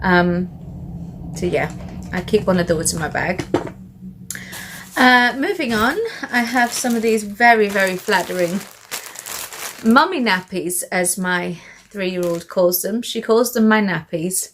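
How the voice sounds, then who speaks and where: A woman's voice: mid-range voice, a little slow, pauses often, fairly bright tone, slight background noise. A British woman chatting through a casual show-and-tell vlog, a little out of breath, rambling with fillers and asides. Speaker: vlogger.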